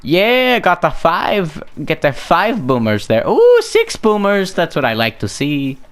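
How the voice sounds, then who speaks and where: A man's voice: on the high side, sing-song, unhurried, a bit bright, clean tone. A young man giving casual gameplay commentary, rambling on tangents and joking at his own expense. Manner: rambling, joking, self-mocking. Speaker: gaming streamer.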